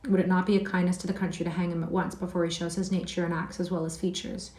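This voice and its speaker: Woman reading a pompous, blustering old gentleman-magistrate; low, roomy. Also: level tone, quick pace, natural voice. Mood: indignant. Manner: pompous, indignant. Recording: roomy sound from a distant mic.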